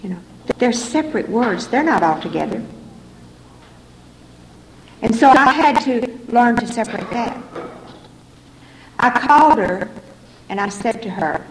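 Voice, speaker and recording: A woman's voice: on the high side, animated, measured pace, long pauses. A middle-aged woman giving earnest, repetitive personal testimony as a speaker at a recovery meeting in a hall. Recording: echoey room recording, faint background noise.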